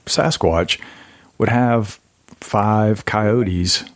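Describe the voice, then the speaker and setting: Male podcast host, low voice, thoughtful and a bit hesitant, dry sound. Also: extremely slow, no echo. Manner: thoughtful, slightly hesitant, repeats words. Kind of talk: interview chat.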